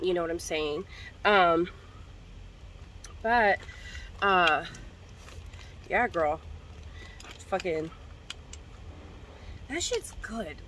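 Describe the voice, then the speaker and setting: A woman's voice: on the low side, fairly bright tone, slight background noise, poor audio. A young woman vlogger in casual chat to camera, slangy and profane, coughing now and then. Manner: chatty, slangy and profane, coughing between hits.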